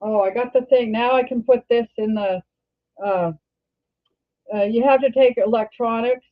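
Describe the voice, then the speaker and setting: An older Canadian woman hosting a casual livestream, talking in a rambling, halting way and often restarting her sentences. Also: on the high side. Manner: rambling, halting, self-correcting. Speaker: livestream host. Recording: tinny phone-like sound.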